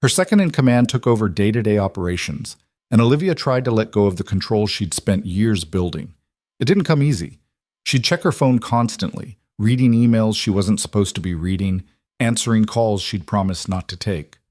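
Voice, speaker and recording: A man reads a story aloud in an even, unhurried way. His voice sits low, and the recording is close and dry with no room sound. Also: dry recording. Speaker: narrator. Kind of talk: scripted narration.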